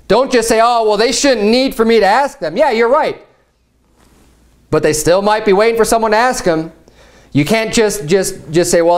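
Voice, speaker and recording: High-voiced man preaching casually. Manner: conversational preaching with frequent restarts and repeated words. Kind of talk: sermon. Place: church.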